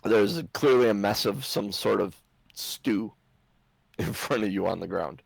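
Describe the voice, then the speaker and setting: A man's voice: lowish voice, unhurried, gravelly, breathy edge, no room sound, rough recording. A man narrating as game master in a tabletop game, describing scenes and chuckling often.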